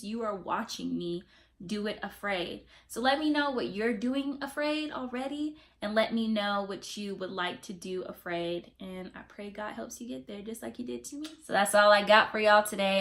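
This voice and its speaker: Expressive woman vlogger sharing faith encouragement. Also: medium pitch. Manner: expressive, conversational, preacher-like emphasis. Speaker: YouTube vlogger. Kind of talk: encouraging faith-based vlog talk.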